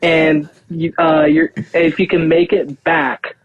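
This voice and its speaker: A man's voice: on the high side, level tone, slow, a crowd in the background. A young man co-hosting a comedy podcast, telling a story with many ums and likes. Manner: rambling with filler words. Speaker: podcast co-host. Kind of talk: casual storytelling chat. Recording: slightly dull lo-fi sound.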